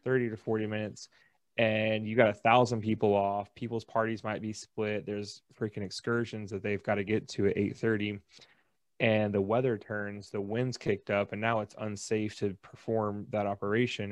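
Guy cohosting a podcast, lowish voice, dry close sound, gets really animated telling stories. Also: normal speed, no echo. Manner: animated storyteller, acts out quotes. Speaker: podcast co-host. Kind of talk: casual chat.

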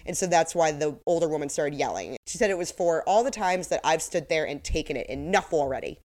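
A woman's voice: low-pitched, lively intonation, fairly quick, darkish tone. A woman co-hosting a podcast, chatting casually about a TV episode with dry, sarcastic humor and frequent laughter. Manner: dry, sarcastic, laughs at her own jokes. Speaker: podcast co-host. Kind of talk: casual chat recapping a TV episode.

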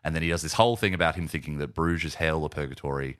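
A man's voice: rumbling low, fast talker, fairly bright tone, no echo, clean studio sound. A man co-hosting a casual film podcast, talking at length and with enthusiasm. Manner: enthusiastic, monologues at length, reads script aloud. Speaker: podcast co-host.

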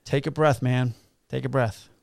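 A man's voice: medium pitch, steady tone, moderate pace, vocal fry, no echo, studio quality. A middle-aged man, a police officer co-hosting a podcast, joking and laid-back, swearing casually.

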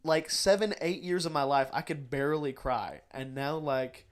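A man's voice: fairly high pitch, normal speed. Earnest young man chatting casually. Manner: earnest, reflective, acts out quoted dialogue. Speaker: podcast co-host. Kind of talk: casual chat.

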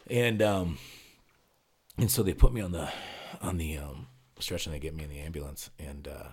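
A man co-hosting a podcast, telling a story in casual chat, animated and swearing freely as he acts out what people said. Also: extremely low pitch, normal speed, husky. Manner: animated retelling, acting out quotes, swearing freely.

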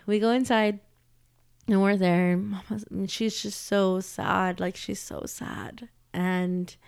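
A woman's voice: lowish voice, creaky, smooth. A young woman telling a story to her vlog audience, swearing often and filling her talk with "like", getting heated as she rants. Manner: animated ranting with frequent swearing and "like". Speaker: vlogger.

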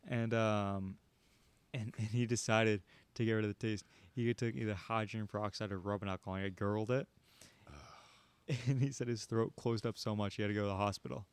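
A man's voice: on the low side, steady tone, fairly quick, clean tone, no echo. Rambling man telling a story. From San Diego. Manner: rambling, many restarts and repeats. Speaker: podcast co-host. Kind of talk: casual storytelling.

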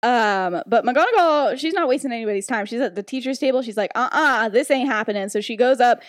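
A woman's voice: on the high side, animated, fast, no echo, clean studio sound. A woman casually retelling a story on a podcast, giggling often and quoting characters with lots of "like".

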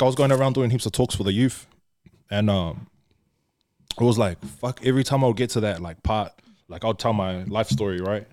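A young podcast guest tells stories from his life, casual and candid, peppered with swearing and a constant stream of "bro." His voice is lowish and a little mellow, with no echo on the recording.

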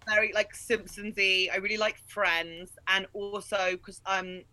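A woman comedian with a very bright, ringing voice, trading stories on a comedy podcast. She is animated and acts out her old childhood outbursts as she goes. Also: mid-range voice, measured pace, no room sound, poor audio. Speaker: guest comedian.

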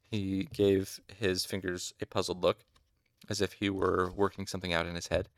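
A man's voice: low-pitched, brisk, gravelly, fairly bright tone, dry recording, clean studio sound. A man reading a fantasy novel aloud in casual audiobook narration, with off-the-cuff asides. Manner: casual asides, mild exasperation at hard names. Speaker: audiobook reader.

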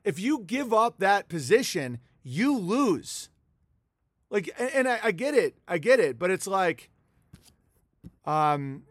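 High-voiced man ranting heatedly. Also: very animated, measured pace, no echo. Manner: heated, profane, mocking. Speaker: political commentator. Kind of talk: ranting political monologue.

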